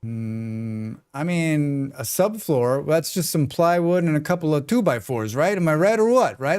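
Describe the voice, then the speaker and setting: A man's voice: fairly high pitch, lively intonation, a little slow, hardly any pauses, a little mellow, clean tone. An American man chatting casually and joking with his chat while he plays a survival game on a live stream.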